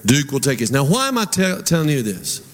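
A man's voice: medium pitch, big pitch swings, brisk. A middle-aged man, preaching a sermon in a conversational, humorous storytelling way. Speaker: pastor. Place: large church hall with congregation. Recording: reverberant church hall with crowd.

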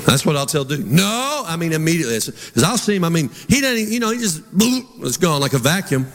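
A man's voice: on the high side, expressive, quick pace, a bit bright, soft background music. A middle-aged man, preaching a sermon in a conversational, humorous storytelling way. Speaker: pastor. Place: large church hall with congregation. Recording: reverberant church hall with crowd.

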